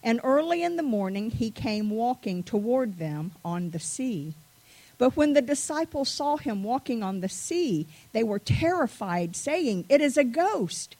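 A woman reading scripture aloud in a measured way. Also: fairly high pitch, big pitch swings, dark tone, rough recording. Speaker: scripture reader.

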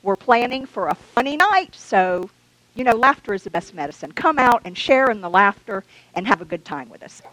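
A woman's voice: mid-range voice, sing-song, normal speed, a bit bright, dry recording, low-quality recording. A woman reading out church announcements in a chatty, easygoing way, with laughing asides. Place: church sanctuary.

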